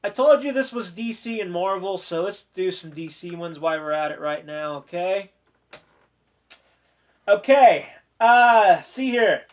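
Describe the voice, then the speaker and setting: A man with a high-pitched voice hosts a laid-back discussion. He talks in a chatty, joking way, with playful sarcasm. He turns sincere and sentimental when speaking of family. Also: lively intonation, unhurried. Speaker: host of a discussion video. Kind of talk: casual chat.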